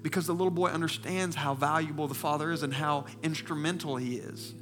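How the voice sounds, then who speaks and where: A male pastor preaching a sermon, swinging from loud, impassioned declarations to hushed, near-whispered confessions while holding back tears. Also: fairly high pitch, fairly even intonation, brisk, music in the background.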